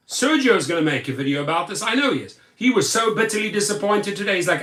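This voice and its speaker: A tired man with a high, bright voice rants on a vlog, angry and sarcastic, and keeps repeating his words. He sits back from the mic in an echoey room. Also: lively intonation, fast, few pauses, far from the mic. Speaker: rideshare driver and video host. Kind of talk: ranting vlog commentary.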